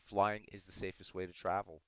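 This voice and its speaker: A man's voice: low-pitched, little pitch movement, brisk, fairly bright tone, smooth, dry recording, low-quality recording. A man who says he is Irish, streaming live and arguing back at his chat in a casual, combative way. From Ireland. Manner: argumentative, talking back to chat.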